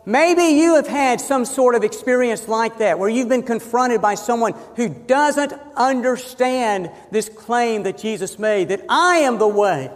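A man preaching a sermon, emphatic, slowing and lifting his voice on key phrases. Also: very high-pitched, animated, long reverb tail. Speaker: pastor.

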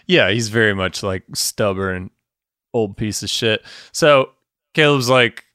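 A man with a low, smooth and resonant voice recaps a TV episode in casual podcast chat. He acts out the characters' lines as he goes and swears freely. The sound is dry and close. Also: takes it slowly, dry recording. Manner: animated retelling, acting out characters' lines, swears and laughs often. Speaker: podcast co-host.

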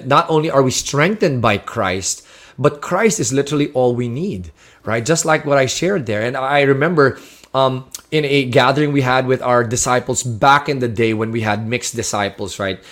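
A man's voice: mid-range voice, fairly bright tone. A man preaching a sermon, sharing a personal testimony in an earnest, heartfelt way with frequent restarts.

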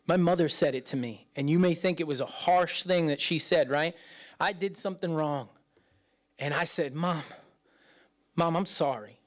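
A middle-aged man preaching as a pastor in a chatty way, acting out quoted voices and swinging between loud and hushed. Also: a little high, normal speed. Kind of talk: sermon.

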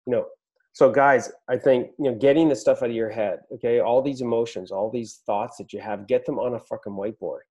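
Guy on a podcast, dark mellow voice, cursing a lot, pumping up business owners. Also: medium pitch, steady tone, a little fast, highs cut off. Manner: blunt, swears a lot, pep-talk energy. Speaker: podcast host. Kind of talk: motivational business talk.

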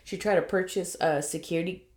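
Young woman telling animated work stories. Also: fairly low pitch, fairly quick. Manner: animated, acts out quoted voices, swears freely. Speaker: podcast co-host. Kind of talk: casual storytelling chat.

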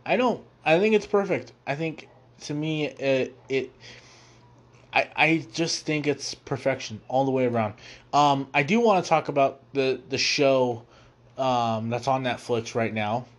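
Rambling man with lots of ums. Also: medium pitch. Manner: rambling, many fillers and restarts; laughs easily, quotes scenes in quick put-on voices. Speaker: movie review show host. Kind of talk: casual movie review monologue.

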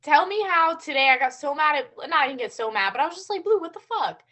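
A young woman chatting on a podcast, her voice sitting a little high. She tells stories in an animated, ranting way, peppered with "like". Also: fast. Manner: animated storytelling, ranting, heavy use of "like". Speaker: podcast co-host. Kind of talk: casual chat.

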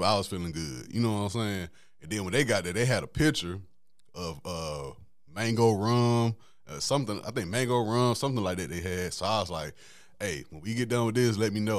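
A laid-back man with a fairly low voice tells a story in casual podcast chat. His pitch swings widely as he talks, and his delivery is slangy and easygoing, with frequent laughter. The sound is dry and close, with no room behind it. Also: dry recording. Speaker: podcast host.

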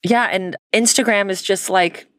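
A woman's voice: mid-range voice, fairly even intonation, a little slow, a bit bright, slight background noise. A woman co-hosting a podcast in casual, profane chat, laughing often and calling her co-host "girl.".

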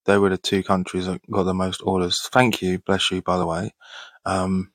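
A man's voice: low voice, completely flat delivery, normal speed, a bit bright, no room sound. A man around thirty hosting a casual Q&A podcast, reading out listener questions and answering them in a laid-back way, laughing often and swearing casually. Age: 30s. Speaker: podcast host.

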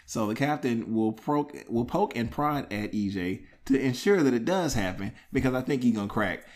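A young man hosting a casual podcast chat, teasing his brother and telling lively family stories with plenty of laughter. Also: mid-range voice, normal speed. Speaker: podcast host.

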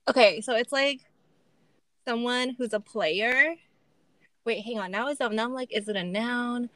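Relaxed woman co-host thinking aloud. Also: a little high, moderate pace, no room sound. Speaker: podcast co-host. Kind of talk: casual chat.

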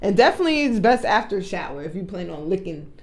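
A woman's voice: lowish voice, big pitch swings, quick pace. A woman co-hosting a casual podcast chat, speaking frankly and matter-of-factly. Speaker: podcast co-host.

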